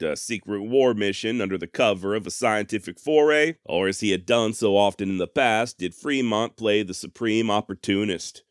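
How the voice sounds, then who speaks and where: A man's voice: lowish voice, smooth, no room sound, clean studio sound. A man hosting a history podcast, joking at his own expense with a sarcastic, folksy humor. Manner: self-deprecating, sarcastic humor. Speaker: podcast host. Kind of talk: casual history podcast narration.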